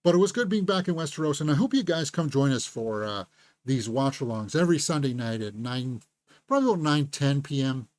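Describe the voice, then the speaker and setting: A man's voice: mid-range voice, animated, fairly quick, a little mellow, no room sound. A man hosting a casual movie news live stream, rambling with many fillers and restarts.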